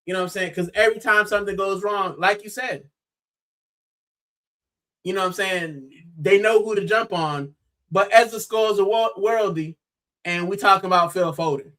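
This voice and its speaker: A young American man co-hosts a football podcast, speaking with a high voice at a moderate pace. He chats casually and animatedly, exclaiming often and saying bro a lot.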